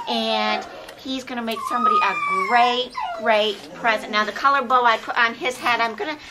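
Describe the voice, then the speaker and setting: A woman's voice: on the high side, huge pitch swings, moderate pace. A woman presenting shelter dogs for local TV, out of breath as she handles them, coaxing them and laughing between lines. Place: outdoors by a fence with dogs. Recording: noisy local TV recording.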